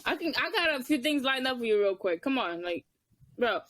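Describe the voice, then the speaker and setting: A young woman co-hosting a podcast, telling stories in casual chat and acting out the quotes with big jumps in her voice. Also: brisk. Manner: animated storytelling, acts out quotes with big pitch jumps. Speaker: podcast co-host.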